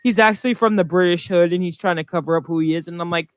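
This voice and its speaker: A woman's voice: on the low side, fast, no room sound. Twenties woman, Jersey accent, casual podcast host on a voice call, blunt and self-mocking, dry close sound. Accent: New Jersey. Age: 20s. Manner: blunt, sarcastic, laughing at herself. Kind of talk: casual chat. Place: online voice chat from home.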